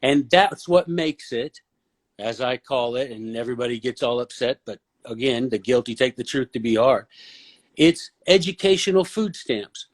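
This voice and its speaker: A man speaking as a podcast guest, blunt and opinionated, with a preachy, forceful way of making his point. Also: medium pitch, lively intonation, moderate pace. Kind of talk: casual podcast conversation.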